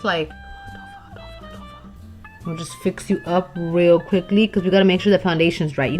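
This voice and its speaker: A young woman vlogging as she builds something by hand, chatting to herself and her viewers in a casual, animated way. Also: medium pitch. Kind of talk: casual chat while crafting.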